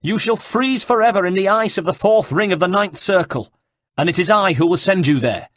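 A man voicing a fanatical male herald who preaches and declaims with fiery zeal, in a dry, husky recording. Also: a little high, moderate pace, no room sound, pitched above the performer's own voice, natural voice. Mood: menacing.

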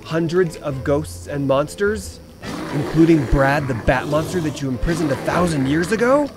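An excitable man hosts a game playthrough in a slightly high voice, telling a silly story in a dramatic way full of gasps. Game music plays clearly behind him. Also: normal speed. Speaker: let's play host. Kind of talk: playful let's play narration.

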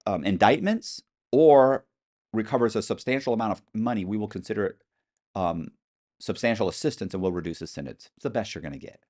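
A middle-aged man telling animated stories as a podcast guest, acting out quoted voices with some swearing. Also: on the low side. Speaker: interview guest. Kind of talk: storytelling in a podcast interview.

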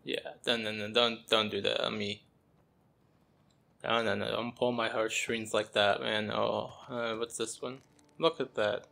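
A man's voice: lowish voice, level tone, measured pace, vocal fry, pushed and bright. A young man doing gameplay commentary, groaning and muttering his exasperated reactions. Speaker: gameplay streamer.

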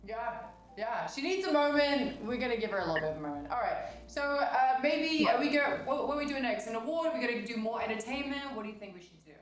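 A woman's voice: fairly high pitch, lively intonation, quick pace. A woman hosting a casual livestream, bubbly and teasing as she jokes with guests. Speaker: streamer and show host. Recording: roomy room with loud music.

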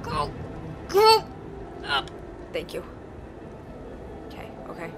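A woman's voice: fairly low pitch, huge pitch swings, slow. Young woman doing game commentary, all over the place emotionally, game music going behind her. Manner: emotional, exclaiming, talking to herself. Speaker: gaming streamer. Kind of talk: let's play commentary.

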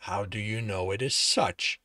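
A man doing a low, quiet, formal demon. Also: no echo, studio quality. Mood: calm, probing. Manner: slow, formal, questioning. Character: calm curious demon, clawed, deep and quiet.

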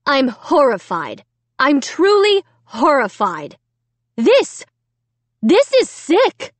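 A woman's voice: high voice, wildly swooping pitch, very slow, dry recording, pitched above the performer's own voice, heavily acted. A woman reading a storybook, voicing an angry mother who scolds in clipped, stern words.

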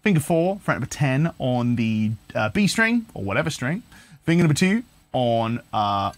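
A man's voice: mid-range voice, very animated, moderate pace. A man giving a chatty, enthusiastic livestream guitar lesson, thinking aloud with fillers. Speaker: guitar teacher. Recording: guitar playing in background.

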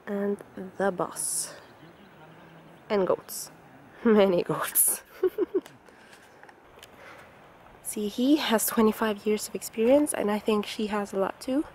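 A woman's voice: mid-range voice, slow pace, long pauses, a little mellow, slight background noise. A young woman in her twenties chatting enthusiastically to a handheld camera outdoors, laughing often. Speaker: student vlogger. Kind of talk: casual vlog chat. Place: outdoors in the countryside.

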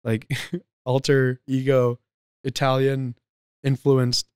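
A young man telling stories as a guest on a casual podcast, laid-back and rambling with plenty of filler words. His voice is very clean and crisp, recorded dry and close. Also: medium pitch, completely flat delivery, takes it slowly, dry recording.

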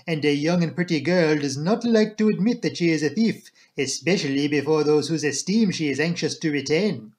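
A man's voice: a little high, lively intonation, normal speed, hardly any pauses, darkish tone, close to an everyday voice. A man voicing a shrewd, fussy older Belgian male detective who talks precisely and drops in French phrases. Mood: explaining.

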